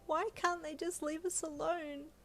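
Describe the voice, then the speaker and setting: A woman voicing an upset, tearful young pregnant wife in an audio fanfiction role-play, talking high and agitated. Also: moderate pace, soft background music, natural voice.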